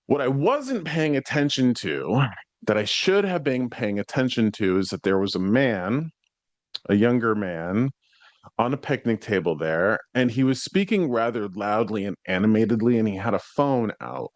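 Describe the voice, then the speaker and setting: A man hosting a podcast, telling a story in a casual, conversational way that grows animated as he retells what happened. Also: lowish voice, normal speed, dry recording. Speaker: psychic medium podcast host.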